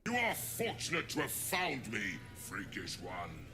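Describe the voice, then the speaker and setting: A man's voice: medium pitch, huge pitch swings, unhurried, music in the background. An actor voicing a haughty, insulting male carnival game keeper in a video game. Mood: scornful. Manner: contemptuous, grandly insulting.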